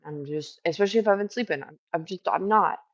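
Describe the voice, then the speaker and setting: A woman who works as a camp medic, retelling a clash in casual chat, swearing freely and talking fast when heated. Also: on the low side, muffled recording. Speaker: house medic at a streamed camp.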